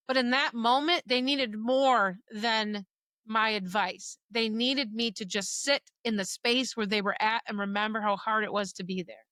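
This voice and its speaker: A woman's voice: fairly high pitch, pushed and bright, no room sound. A middle-aged woman co-hosting a faith podcast, speaking earnestly and emotionally about parenting. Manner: earnest, emotional at times, uses quoted dialogue. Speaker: podcast co-host. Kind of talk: personal faith talk.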